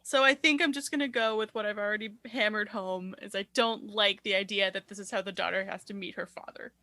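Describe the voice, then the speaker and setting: A woman's voice: medium pitch, fairly even intonation, fairly quick, pushed and bright, dry recording. A woman co-hosting a movie podcast, rambling through her points with lots of fillers and giggles. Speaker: podcast co-host. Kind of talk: casual movie-review chat.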